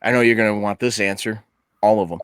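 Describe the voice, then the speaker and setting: A man's voice: lowish voice, steady tone, fast, fairly bright tone, clear, resonant tone, dry recording, clean studio sound. A man guesting on a casual podcast, laid-back and self-deprecating while answering questions. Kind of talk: casual chat.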